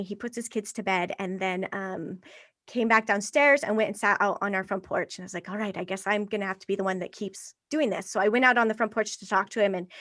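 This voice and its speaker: A woman in her thirties, a podcast guest speaking candidly in an interview and bringing her past thoughts to life with animated quoted voices. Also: mid-range voice, no echo, clean studio sound.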